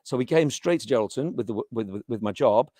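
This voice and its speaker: A man's voice: mid-range voice, lively intonation, quick pace, dark tone, no echo, clean studio sound. A middle-aged man from England, chatting in an interview with frequent restarts and fillers. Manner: hesitant, many restarts and fillers. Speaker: interviewee, teacher. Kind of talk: casual interview chat.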